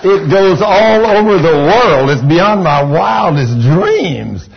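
A man's voice: sits high, lively intonation, slow, vocal fry. A Texan man preaching a sermon, folksy, rambling and enthusiastic. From Texas. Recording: dull lo-fi recording.

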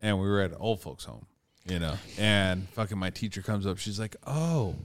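A man's voice: sits low, steady tone, brisk. A man telling a story in casual podcast chat, swearing freely and laughing along with his co-host. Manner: profane, laid-back, laughs along.

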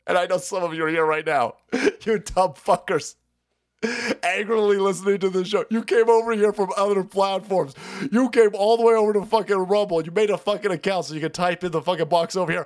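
A man hosting a livestream in a loud, profane rant, mocking his audience with frequent laughter. His voice sits a bit higher than most men's. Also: normal speed. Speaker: streamer host. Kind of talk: ranting livestream commentary.

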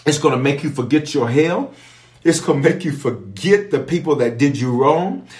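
A man's voice: fairly high pitch, moderate pace, a little mellow, reverberant. A man, a bishop, leading an online prayer that turns into Bible teaching. He preaches with an emphatic, repetitive cadence, making prophetic declarations and speaking straight to his viewers. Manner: speaks directly to an online audience.

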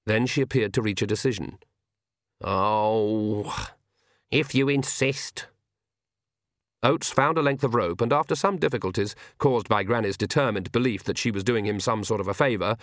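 A man's voice: on the low side, animated, fairly quick, dry recording. Wry male storyteller, dry studio sound. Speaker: audiobook narrator. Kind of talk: scripted narration.

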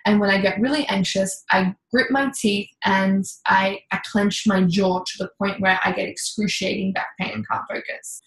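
A woman coach telling a candid personal story in a casual, lively way, with mild swearing. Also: medium pitch, moderate pace, hardly any pauses, roomy sound, poor audio. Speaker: intuitive coach, podcast guest.

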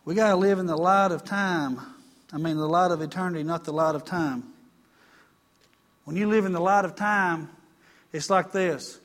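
This is a man preaching to his congregation. His voice sits high, and his delivery is folksy and plainspoken, with scripture read aloud and calls for an amen along the way. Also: normal speed, long pauses, fairly bright tone. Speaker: pastor. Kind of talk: sermon.

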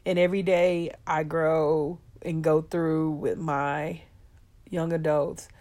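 Middle-aged woman, low-pitched, heartfelt vlog storytelling, hesitant fillers, talks to "y'all.". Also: flat delivery, slow pace, warm tone. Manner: addresses her audience as y'all. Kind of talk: personal storytelling.

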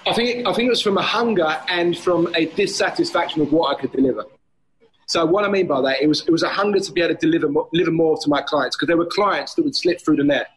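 Animated man, slightly high voice. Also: quick pace, rough recording. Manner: animated storyteller, acts out gym banter. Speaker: guest, personal trainer and gym owner. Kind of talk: casual podcast chat. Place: outdoors on a street. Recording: faint street noise behind.

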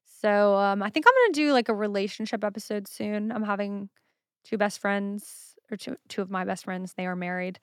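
A woman's voice: medium pitch, moderate pace, clear, resonant tone, no echo, studio quality. A woman hosting a solo podcast, talking candidly and casually and swearing freely. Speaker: podcast host.

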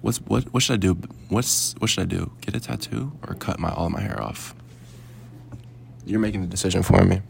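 Brief: young man, deep gravelly voice, loose talkative interviewee. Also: a little fast, slight background noise. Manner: rambling, heavy with "like" fillers. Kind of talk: casual conversation.

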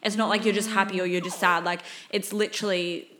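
A woman's voice: medium pitch, level tone, quick pace, a bit bright, rough recording. A young woman co-hosting a podcast, rambling through a story in casual chat with lots of filler words. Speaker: podcast co-host.

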